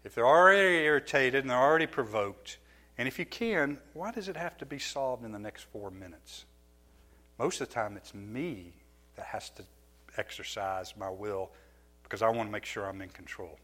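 A middle-aged man giving a sermon as a pastor, telling stories from his own life with lively, self-mocking laughter. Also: medium pitch, moderate pace. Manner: animated storytelling, laughing at himself.

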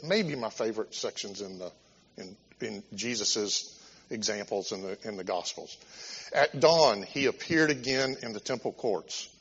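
A male pastor preaching a sermon in a church sanctuary, impassioned and conversational, often restarting his sentences. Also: medium pitch. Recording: dull lo-fi recording with long hall reverb.

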